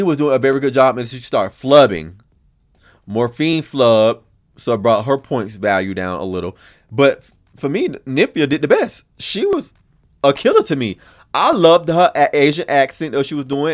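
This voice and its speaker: Animated, blunt male podcast host. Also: medium pitch. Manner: chatty, blunt and expressive, with frequent swearing. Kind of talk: casual reaction commentary.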